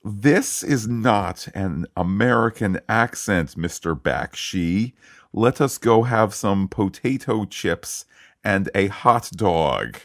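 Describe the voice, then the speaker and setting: A man's voice: on the low side, lively intonation, slow pace, no echo, clean studio sound, voice pushed up. A man putting on a British male spy who is faking a clumsy American accent, stiff and overly formal. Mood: mock-formal.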